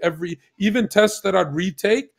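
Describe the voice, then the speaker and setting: A man's voice: sits high, a little fast, gravelly. A young man streamer telling stories in casual voice chat, brash and profane, rambling with lots of stumbling restarts.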